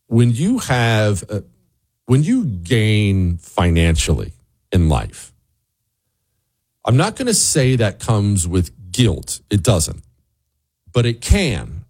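Sarcastic man ranting as show host. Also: a little mellow. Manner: sarcastic, ranting, swings pitch widely for emphasis. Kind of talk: opinionated political commentary.

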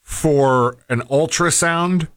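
A man co-hosting a casual talk show, asking slow, wondering questions. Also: on the high side, a bit bright, dry recording, clean studio sound. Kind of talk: casual chat.

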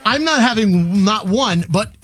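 A man's voice: high-pitched, lively intonation, measured pace, fairly bright tone, soft background music. A man chatting casually on a radio show, stumbling and repeating words as he talks about his family. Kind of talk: casual chat.

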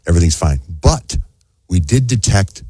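A middle-aged man hosting a radio show, telling a story in a casual, animated way and acting out the people in it. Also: normal speed, slightly rough, dry recording. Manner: animated storyteller, acts out quotes in high voices.

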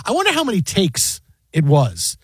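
A man hosting a casual sports talk show, playful and rambling, quick to joke. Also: high-pitched, wildly swooping pitch, husky, no echo. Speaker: radio show host.

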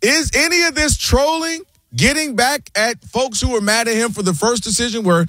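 A man's voice: very high-pitched, normal speed, sharp tone, no echo, studio quality. A man co-hosting a sports talk show, making long, impassioned arguments and addressing his co-host by name. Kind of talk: animated sports debate.

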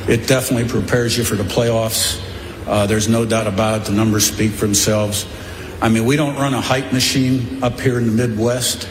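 A man's voice: on the low side, steady tone, normal speed. Brief: male football coach at a press podium, blunt and defiant, filler-heavy, long hall reverb with faint room noise. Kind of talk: media day press remarks. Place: media day press room. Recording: echoey hall with faint ambience.

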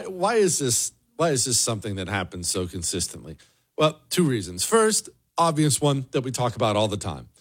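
A man's voice: mid-range voice, slightly rough. A man hosting a political commentary show, talking in an emphatic, mocking monologue. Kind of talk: opinionated monologue.

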